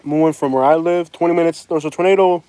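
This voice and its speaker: A man's voice: on the high side, fairly even intonation, fast, mellow, no echo. A man chatting casually and rambling to livestream viewers from outdoors in the rain. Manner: rambling, talks straight to chat viewers. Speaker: livestream host. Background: rain falling.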